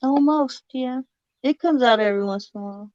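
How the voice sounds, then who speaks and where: A chatty woman with a Southern US accent talks with enthusiasm, a touch higher in pitch than most women. Her voice comes through a dull, lo-fi mic with a dry sound. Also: a little fast, darkish tone, no echo. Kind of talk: casual chat.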